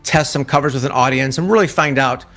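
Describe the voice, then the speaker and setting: A man's voice: medium pitch, fast, fairly bright tone, faint music behind. A middle-aged man chatting as a podcast guest, enthusiastic and motivational, laughing easily. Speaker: podcast guest, publishing founder. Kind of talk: casual interview chat.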